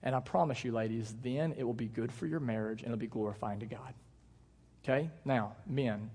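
A pastor in his thirties preaches a sermon in a church sanctuary, his medium-pitched voice slightly mellow and a bit rough. He's earnest and emphatic, slowing down to stress key words and slipping in playful storytelling asides, all under long church hall reverb.

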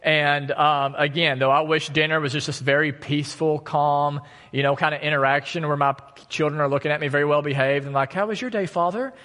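Man, pastor in his thirties, conversational sermon, fairly high voice, long church reverb. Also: completely flat delivery, a little fast, pushed and bright. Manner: conversational, storytelling with self-deprecating humor. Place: church sanctuary.

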